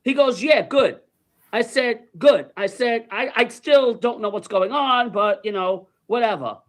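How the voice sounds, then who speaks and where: A man's voice: very high-pitched, moderate pace. A man from New tells a story in casual chat. He swears freely and acts out the people in his story. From New York. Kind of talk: casual anecdote telling.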